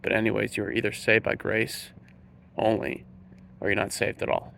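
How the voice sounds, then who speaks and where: A man giving an earnest preaching monologue to camera, slow and emphatic, leaning on key words. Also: fairly low pitch, level tone, vocal fry, fairly bright tone, slight background noise. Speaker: Christian speaker.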